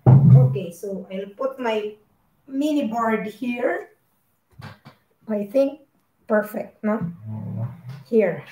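Woman tutor, young, slightly high voice, very slow and patient, echoey room. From Philippines. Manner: slow, patient, explains each word and repeats it. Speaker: language tutor. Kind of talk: live-streamed language lesson.

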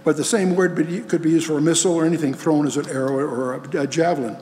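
A man's voice: on the high side, steady tone, quick pace, a little mellow. A man giving a lecture-style Bible teaching with slides, emphatic and full of rhetorical questions and restarts. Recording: long hall reverb.

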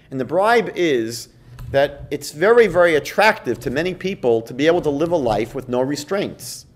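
Animated high-pitched male rabbi lecturing. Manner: animated storytelling, acts out quoted voices, slows for emphasis. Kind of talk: lecture to a live class.

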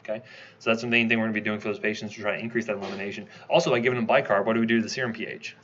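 A man with a lowish voice teaches at a brisk clip, firing questions at his listeners as he goes. The recording is a little muffled, with a faint hum of room noise behind him. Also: fairly even intonation, fairly bright tone. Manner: quick, conversational, asks the class questions. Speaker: toxicology lecturer. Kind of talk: classroom lecture.

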